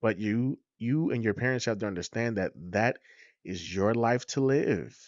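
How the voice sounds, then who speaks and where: A man's voice: fairly low pitch, normal speed, no echo, muffled recording. A man hosting a motivational podcast, talking straight to his listeners, preachy and repetitive, calling them "y'all". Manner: preachy, repeats points, addresses listeners as "y'all". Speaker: podcast host.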